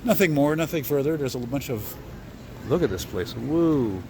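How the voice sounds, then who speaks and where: At a moderate pace and with a lively lilt, a man hosts a casual walking vlog through city streets after dark. He's chatty, rambling and quick to find things funny, and his handheld camera picks up plenty of outdoor street noise.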